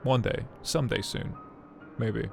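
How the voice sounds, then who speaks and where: A man's voice: fairly low pitch, a little slow, creaky. A young adult man streaming a game, chatting casually in a rambling, self-mocking way full of joking asides. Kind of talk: casual live-stream chat. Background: faint game music.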